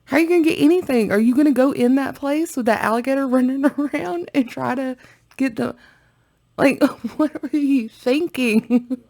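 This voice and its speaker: A woman's voice: high voice, moderate pace, gravelly, a little mellow. A woman hosting a reaction video, chatting casually and rambling to her viewers with frequent giggles.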